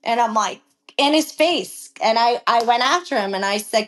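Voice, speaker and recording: A woman jockey in a casual interview, animated and blunt, acting out heated exchanges and swearing freely. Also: fairly high pitch, moderate pace. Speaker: guest, professional jockey.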